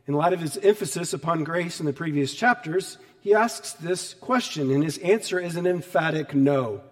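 A man's voice: on the high side, normal speed, hardly any pauses, in a large hall. A man, a pastor, preaching a sermon in a conversational, storytelling way, with emphatic repetition.

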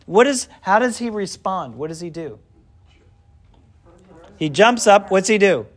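Lively man teaching a Bible class. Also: high voice, a little slow. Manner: asks the class questions and answers them himself; animated storytelling with acted-out asides. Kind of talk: casual Bible lesson.

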